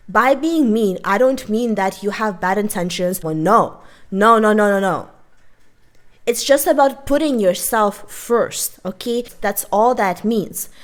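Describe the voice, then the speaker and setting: A woman vlogger delivering a casual, emphatic rant to the camera, often checking in with "okay?". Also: mid-range voice. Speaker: art vlogger.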